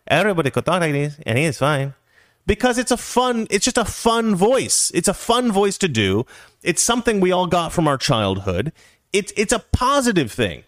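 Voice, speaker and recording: A man's voice: high-pitched, sing-song, normal speed, no room sound, pitched above the performer's own voice. A cheerful cartoon mouse with a heavily exaggerated Mexican accent, as a man puts him on. The voice springs up well above his own and bounces along in a playful sing-song. The recording is dry and close, with no room sound. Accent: Mexican, exaggerated cartoon version. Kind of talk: comic voice impression in a casual story.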